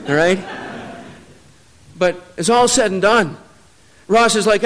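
A man preaching a sermon, telling a personal story, who swings from low, quiet stretches to loud, emphatic peaks. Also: expressive, normal speed.

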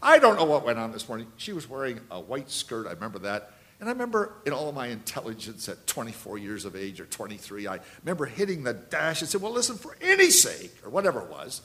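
Older guy preaching, pitch jumps all over, hammers the same phrase again and again. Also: very animated, fast talker. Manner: emphatic, repeats key phrases, swings between loud and hushed. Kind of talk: sermon with anecdotes.

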